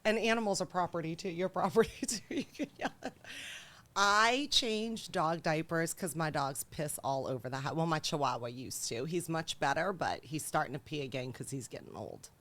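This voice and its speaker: A woman's voice: low voice, moderate pace. A young woman co-hosting a comedic chat show, talking animatedly, laughing often and acting out what people say. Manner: animated, laughing, acts out voices. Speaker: podcast co-host.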